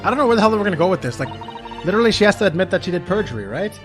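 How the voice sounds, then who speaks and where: A man streaming a courtroom game, chatting excitedly between the lines he voices. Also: high-pitched, rapid-fire, over music. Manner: excitable, rambling. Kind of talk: casual game commentary.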